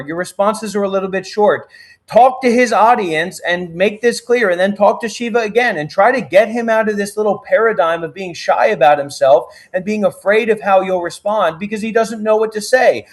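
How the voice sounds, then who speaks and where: A man with a high voice rants on a livestream. He pleads, rambles and swears, piling clause on clause. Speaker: livestream guest prompting an AI. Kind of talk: heated livestream talk.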